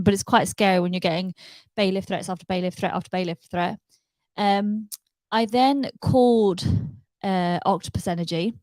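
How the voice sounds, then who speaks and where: A woman's voice: medium pitch, dry recording, poor audio. A woman ranting about her own troubles, upset and emphatic, repeating herself as she talks. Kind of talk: personal rant to camera.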